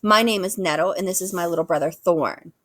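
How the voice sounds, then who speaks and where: A woman's voice: on the low side, a little fast, a bit bright, no echo, clean studio sound. A woman voicing a bossy, sarcastic young female bear who snarls her threats.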